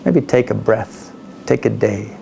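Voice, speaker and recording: A man's voice: lowish voice, steady tone, a little slow, vocal fry, warm tone, a little hiss or hum. A middle-aged man from Canada, a business speaker, telling a story in a conversational way, with fillers and restarts. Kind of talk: storytelling talk.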